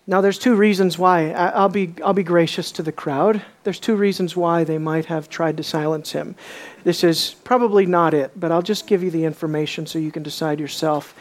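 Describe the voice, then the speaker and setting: A preacher giving an expository sermon who asks the congregation rhetorical questions and moves between hushed, solemn lines and impassioned, raised ones. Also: medium pitch. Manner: slows and stretches key words for emphasis.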